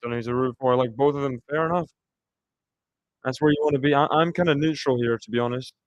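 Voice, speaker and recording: A man calls a tennis match live for his stream in a chatty, reactive way, laughing often and talking to the chat. His voice is smooth and clear. It is recorded dry on a close mic. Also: medium pitch, fast talker, dry recording, muffled recording. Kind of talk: casual live play-by-play commentary.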